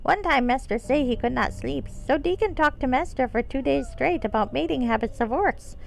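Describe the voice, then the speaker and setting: A woman voicing a squeaky, timid kobold bard. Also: expressive, normal speed, creaky, faint music behind, rough recording. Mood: fawning. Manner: broken grammar, speaks of himself by name; high squeaky voice, some lines strained and out of breath. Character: timid, fawning male kobold bard servant. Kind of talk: live game-stream character voicing.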